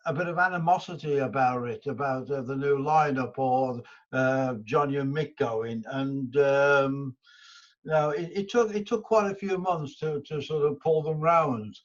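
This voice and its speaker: A man's voice: medium pitch, unhurried. An older man from England, telling stories in an interview, rambling with many restarts and fillers. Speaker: guest musician. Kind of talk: casual interview storytelling. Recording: dull lo-fi audio.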